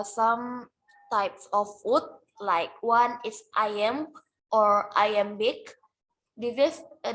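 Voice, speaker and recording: Young woman, student presenter, non-native speaker, hesitant, slow. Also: on the high side, low-quality recording. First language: Indonesian. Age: young adult. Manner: hesitant, many fillers. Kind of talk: class presentation.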